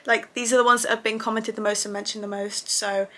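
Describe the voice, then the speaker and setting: A woman casually reviewing anime episodes for her channel, gushing and excitable and swearing freely. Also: mid-range voice, fast talker.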